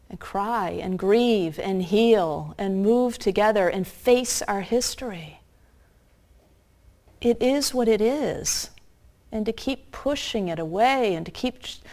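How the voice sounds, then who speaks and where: A woman preaching a sermon, telling a story earnestly and slowing down to stress key points. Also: medium pitch, darkish tone. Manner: earnest, slows down for emphasis.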